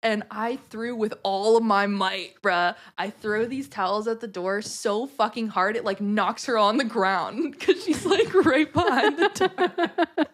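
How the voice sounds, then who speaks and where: Woman guest, mid-pitch voice, animated profane storyteller, casual podcast chat. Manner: animated, profane, heavy use of "like".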